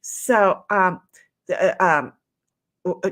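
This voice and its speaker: A woman's voice: mid-range voice, takes it slowly, long pauses, fairly bright tone. A middle-aged woman hosting a livestream from home, chatting casually and rambling while reading chat aloud. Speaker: livestream host.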